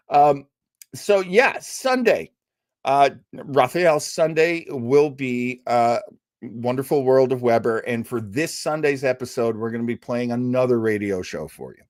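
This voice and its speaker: A man hosts a live stream in relaxed chat, reading out comments and laughing along. His pitch swings about animatedly while his pace stays slow and easy. The sound is close and dry. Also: no echo. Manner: chatty, reads viewer comments aloud, laughs often. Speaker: host.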